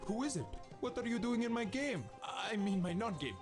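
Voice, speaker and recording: Here is a prickly rival game program that predicts doom. It speaks formally and melodramatically, in a high voice with a swinging pitch. Game music plays behind it. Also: male voice, lively intonation, normal speed.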